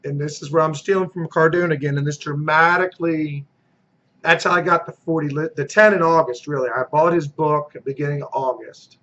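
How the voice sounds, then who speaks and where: A man with a high, bright voice coaches on sales in an emphatic, punchy way. He hammers key phrases again and again and acts out quick role-play exchanges. The recording sounds a little dull and lo-fi. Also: fairly even intonation. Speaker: real estate team recruiter. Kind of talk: motivational sales coaching monologue.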